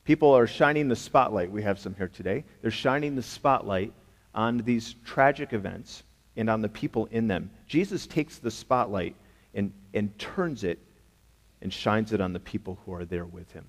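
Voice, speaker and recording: His voice on the low side and his pace moderate, a male pastor gives a sermon in a church sanctuary that echoes like a hall. He preaches in an emphatic, conversational style, leaning on rhetorical questions.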